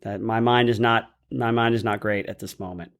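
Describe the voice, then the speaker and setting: A man co-hosting a podcast in casual chat, animated and exclaiming often. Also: on the low side, normal speed. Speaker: podcast co-host.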